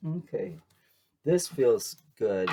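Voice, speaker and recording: A man's voice: mid-range voice, very animated, extremely slow, warm tone, slight background noise. A man giving a casual tarot reading to camera, chatty and playful, laughing often and making sassy asides. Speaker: tarot reader.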